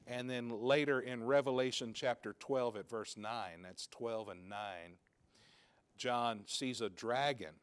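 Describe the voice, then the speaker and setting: Man, Bible class teacher, unhurried and chatty, explains with down-to-earth asides. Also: mid-range voice, clear, resonant tone. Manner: conversational, with homely asides and jokes.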